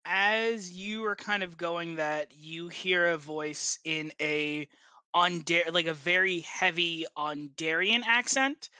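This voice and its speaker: A game master narrates a tabletop game with a loose, rambling flow full of pauses and restarts. The voice is bright and sits close in a dry recording. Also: mid-range voice, clean tone, dry recording. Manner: rambling, many fillers and restarts.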